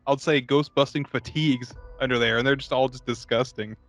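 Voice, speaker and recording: A man's voice: medium pitch, steady tone, a bit bright, soft background music. A man co-hosting a podcast, riffing loosely on a movie and swearing casually while he talks. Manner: loose, sweary, quick to riff. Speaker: podcast co-host. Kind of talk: casual movie chat over beer.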